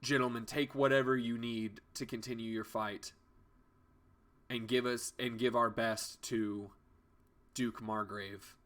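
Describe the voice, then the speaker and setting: A man voicing a grieving male monk who speaks low and holds back his emotions. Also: little pitch movement, a little slow, a bit bright, lightly acted. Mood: solemn. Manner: subdued, holding back emotion.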